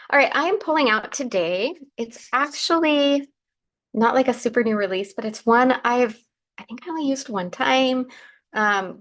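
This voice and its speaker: A woman hosting a live crafting demonstration, chatting through each step as she works, with a groggy morning voice. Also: fairly high pitch. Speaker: craft show host.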